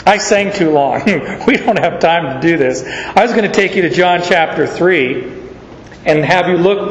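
A male pastor preaching a sermon, teaching slowly through Bible verses with chuckles. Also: high voice. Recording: echoey church hall, dull sound, faint noise.

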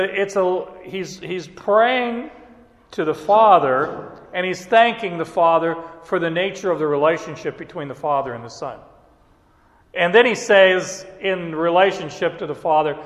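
A man teaching from the Bible in a relaxed, conversational way, often chuckling between points. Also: high voice, takes it slowly. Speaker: preacher. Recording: echoey hall reverb.

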